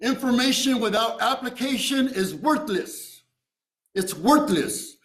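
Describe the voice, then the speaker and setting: A man's voice: very high voice, animated, slow pace, fairly bright tone, echoey room, rough recording. A man sharing his recovery story at a meeting, streetwise and profane, tossing in "you know" and "right?". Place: meeting room.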